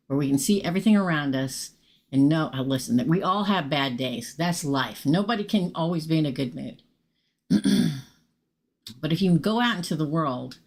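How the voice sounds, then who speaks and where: Chatty woman tarot reader. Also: fairly low pitch. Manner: chatty, animated, swears casually and talks straight to viewers. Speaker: tarot reader hosting a live show. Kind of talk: casual storytelling on a live tarot stream.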